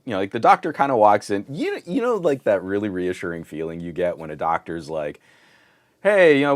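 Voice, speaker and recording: A man hosting a casual podcast, telling a long story in an animated, rambling way. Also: low-pitched, no echo. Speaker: podcast host.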